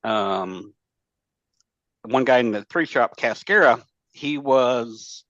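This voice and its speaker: A man's voice: medium pitch, slow pace, a bit bright. A man chats casually as a guest on a podcast, swearing freely and circling back on his words. The sound is muffled and lo-fi, with no room echo at all. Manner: rambling, profane, many fillers and restarts. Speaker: podcast guest, former Marine. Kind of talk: casual storytelling chat. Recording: dull lo-fi dry sound.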